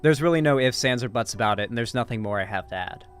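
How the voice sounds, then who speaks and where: A man's voice: mid-range voice, expressive, fast talker, soft background music. Profane, rambling male streamer. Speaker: streamer and political commentator. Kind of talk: livestream reaction commentary.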